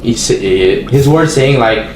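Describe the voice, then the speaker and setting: French-native man hosting a podcast, halting, searches for words, mid pitch, faint noise. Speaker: podcast host. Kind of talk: casual chat.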